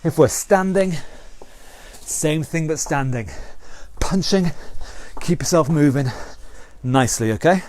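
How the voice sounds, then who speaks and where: A man's voice: fairly high pitch, animated, slow, darkish tone, no room sound. A man with a British accent leading an online exercise class, counting down rounds and calling out moves with encouragement. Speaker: fitness instructor.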